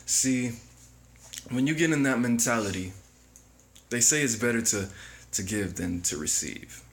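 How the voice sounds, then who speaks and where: A man giving a slow, reflective motivational monologue that circles back on its own phrases. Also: mid-range voice, expressive, a bit bright. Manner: slow, deliberate, repeats phrases. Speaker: motivational speaker.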